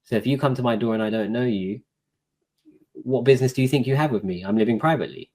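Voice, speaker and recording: A man's voice: mid-range voice, fast. A man talking casually as a guest, recounting a court visit with lots of fillers like "you know". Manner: relaxed, filler-heavy, recounting a court dialogue. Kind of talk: casual conversational storytelling.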